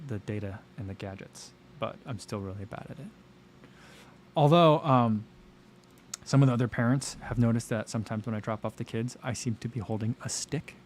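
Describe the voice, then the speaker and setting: A man's voice: medium pitch, a little mellow, slight background noise. A man in his thirties hosting a casual livestream, chatting in a rambling way and reading viewer comments aloud. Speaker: livestream host.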